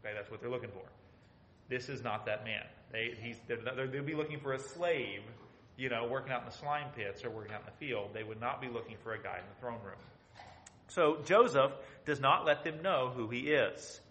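A man's voice: medium pitch, brisk, fairly bright tone. Male Bible teacher, emphatic and questioning; recorded in an echoey space with a faint hum. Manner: emphatic, asks the audience rhetorical questions.

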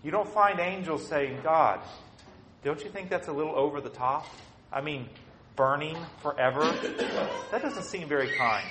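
A man preaching a sermon with emphasis, often asking "okay?" and swinging between loud stresses and hushed lines. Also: fairly high pitch, moderate pace, a little hiss or hum.

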